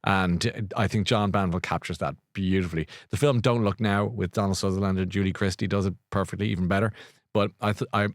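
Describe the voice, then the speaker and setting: A man's voice: low-pitched, steady tone, a little fast, dry recording, studio quality. A middle-aged Irish man hosting a podcast, chatting in a rambling way with many restarts and self-corrections. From Ireland. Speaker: podcast host. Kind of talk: casual chat, book recommendation.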